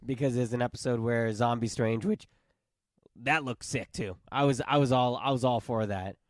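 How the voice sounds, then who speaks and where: A man guesting on a podcast as a film critic, relaxed as he recaps the plot in casual chat. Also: mid-range voice, moderate pace, dry recording, clean studio sound.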